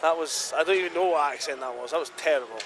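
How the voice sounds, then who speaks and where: High-voiced British man calling hockey. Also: noisy background. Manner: brisk calls that jump to excited shouts at big chances. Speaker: ice hockey commentator. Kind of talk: live play-by-play commentary.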